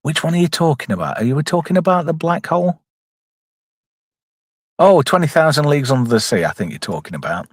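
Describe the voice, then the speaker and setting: Jokey man, lively voice. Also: fairly high pitch, a little fast, long pauses, slightly rough, no room sound, studio quality. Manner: jokey, reads out chat, puts on silly voices. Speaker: streamer reviewing a film. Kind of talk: casual live commentary.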